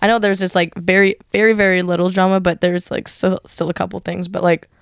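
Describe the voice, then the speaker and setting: A woman's voice: lowish voice, flat delivery, brisk, gravelly, clear, resonant tone, no echo, clean studio sound. A woman co-hosting a casual podcast chat, giggly and chiming in often. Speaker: podcast co-host.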